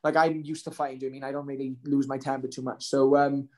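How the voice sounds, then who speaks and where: A man's voice: medium pitch, little pitch movement, very fast. A man, telling a story casually as an interview guest, rambling with many ums and restarts. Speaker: guest, professional fighter.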